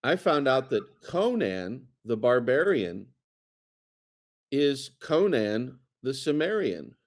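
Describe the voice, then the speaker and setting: A man's voice: mid-range voice, very animated, takes it slowly. A man co-hosting a casual chat, talking in a rambling way with many fillers and restarts. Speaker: co-host.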